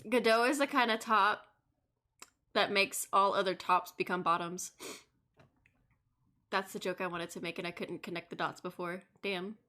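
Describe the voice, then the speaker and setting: A woman's voice: medium pitch, fairly even intonation, moderate pace, pauses often, pushed and bright. A young woman streaming a game, chatting casually, giggling and swearing often. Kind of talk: casual gameplay commentary.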